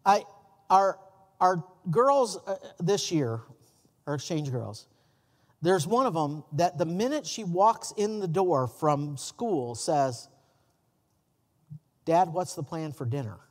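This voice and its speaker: A man's voice: high voice, sing-song, slow, long reverb tail. A male pastor preaching a sermon in a church sanctuary, folksy and full of stories.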